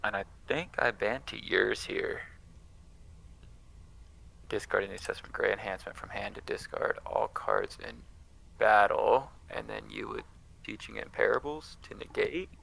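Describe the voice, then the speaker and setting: A man's voice: on the low side, moderate pace, vocal fry, fairly bright tone, poor audio. A man playing a card game opponent, easygoing, reading card text aloud and musing over his choices. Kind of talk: casual gameplay chat.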